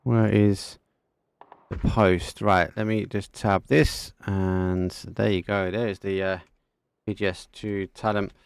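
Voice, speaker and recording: A young man with an Essex accent giving live esports game commentary, excitable, with quick bursts and casual slang. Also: fairly low pitch, vocal fry, clean tone, no room sound. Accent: Essex English. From England, Essex. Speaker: esports caster.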